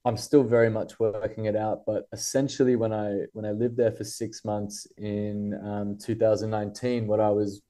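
A man's voice: lowish voice, level tone, moderate pace, hardly any pauses, mellow. A man with an Australian accent, a guest writer talking casually in a podcast interview, rambling and thoughtful with many fillers and restarts.

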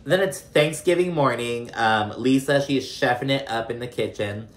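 A man's voice: medium pitch, moderate pace, soft background music. A man recapping a reality show in casual, profane commentary full of fillers. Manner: chatty, profane, lots of fillers. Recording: roomy echo.

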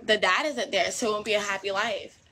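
A woman's voice: mid-range voice, steady tone, a little fast, pushed and bright, a little hiss or hum, poor audio. A young woman in a casual monologue to camera, talking in a brash, combative and repetitive way and swearing freely.

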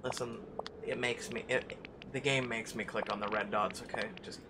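A man giving gameplay commentary in quiet, sarcastic, mumbled asides. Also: medium pitch, fairly even intonation, normal speed, heavy background noise. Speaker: gamer. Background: game music.

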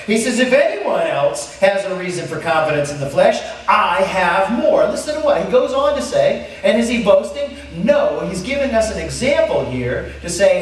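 Pastor preaching in an echoey sanctuary. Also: male voice, high-pitched, expressive, normal speed, hardly any pauses, recorded from a distance. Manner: repetitive, asks the congregation rhetorical questions. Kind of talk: sermon.

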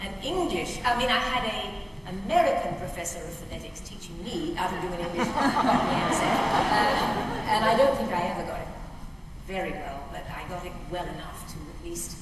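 A woman's voice: lowish voice, lively intonation, brisk. Older woman telling stories in an echoing hall. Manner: amused anecdotal telling, breaking into laughter. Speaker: interview guest. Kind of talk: live on-stage interview storytelling. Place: large auditorium before an audience. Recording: echoey hall recording from far off with loud noise.

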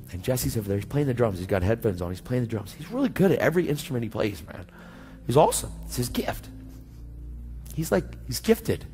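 A man preaching a sermon, telling a story in a slangy, animated way and acting out both sides of the conversation. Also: lowish voice. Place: church sanctuary. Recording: church hall reverb with faint music.

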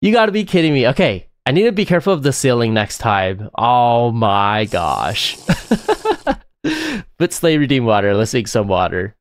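A man giving excitable, chatty live commentary while playing a game, often breaking into laughter. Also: medium pitch, brisk, dry recording, clean studio sound. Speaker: live streamer.

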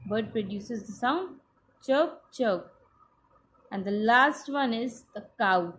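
A woman teacher with an Indian English accent, giving a slow, patient class lesson that spells out each step. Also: a little high, a bit bright, a little hiss or hum.

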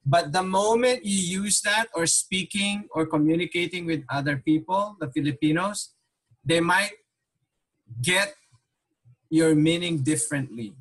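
A man's voice: on the high side, a little slow, a bit bright. A man teaching an online Tagalog class, patiently repeating questions and mixing Tagalog with English.

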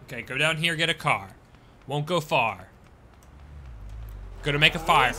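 A man giving casual live-stream commentary while playing a game, chatting with viewers and breaking into sudden excited outbursts. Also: fairly high pitch, normal speed, long pauses. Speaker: gaming streamer.

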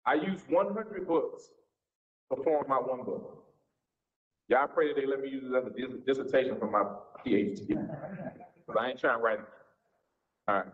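Speaking at normal speed with frequent pauses, a medium-pitched pastor in his forties leads a church seminar in a relaxed, folksy style with a Southern US accent. The sanctuary recording comes across dull and full of echo.

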